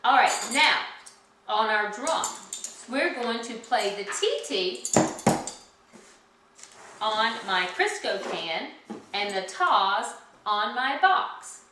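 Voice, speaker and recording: Woman music teacher, bright and unhurried, filmed in a very echoey room from far off with background hiss. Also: on the high side, animated. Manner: cheerful and slow, chants rhythm syllables. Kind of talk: children's music lesson. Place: indoor room at home. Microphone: camera some distance away.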